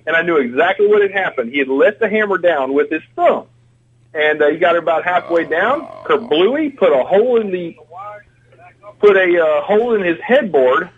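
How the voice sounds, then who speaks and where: A man's voice: a little high, lively intonation, moderate pace. A man calling into a talk radio show and telling a story in a chatty way, laughing easily. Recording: tinny phone line.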